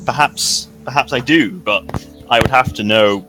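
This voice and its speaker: A man playing a tabletop game, speaking in a measured, sly way in character. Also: medium pitch, over music, rough recording. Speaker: player. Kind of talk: tabletop role-play. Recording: faint ambient noise.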